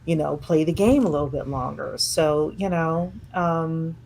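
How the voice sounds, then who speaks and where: A woman co-hosting a livestreamed panel over a video call, easygoing and quick to agree with the speaker. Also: low voice, vocal fry, a little mellow, slight background noise. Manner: easygoing, with frequent agreeing murmurs. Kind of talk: casual panel discussion.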